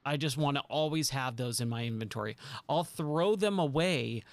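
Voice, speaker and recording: A man's voice: medium pitch, moderate pace, creaky, dry recording. A man streaming a driving game live, talking through his moves with a self-mocking, exasperated commentary and pleading with the game.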